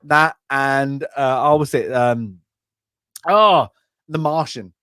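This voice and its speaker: A man's voice: mid-range voice, slow pace, clear, resonant tone, no echo. A man co-hosting a casual film review chat, rambling and acting out lines from scenes with bursts of laughter. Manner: rambling, acts out characters' lines loudly with laughs. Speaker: film podcast co-host.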